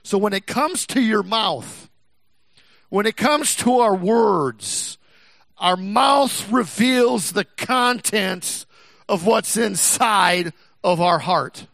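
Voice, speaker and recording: High-voiced slow preacher man. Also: animated, creaky, fairly bright tone, no room sound. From Texas. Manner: folksy preaching with frequent restarts and asides. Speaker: pastor. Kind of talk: sermon.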